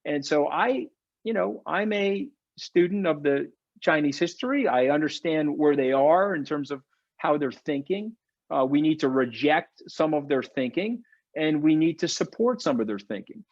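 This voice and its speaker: A man's voice: a little high, lively intonation, normal speed, no room sound. A man speaking as a webinar guest, fired up and preachy, over a video call microphone. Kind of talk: impassioned webinar talk. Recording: dull, dry lo-fi call audio.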